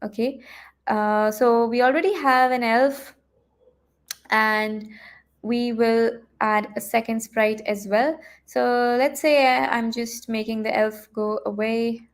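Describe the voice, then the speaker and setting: A woman with a fairly high voice teaches coding live online through a computer mic, explaining what her viewers see on her screen. She goes slowly with fairly even intonation, and her thinking-aloud delivery is packed with fillers and restarts.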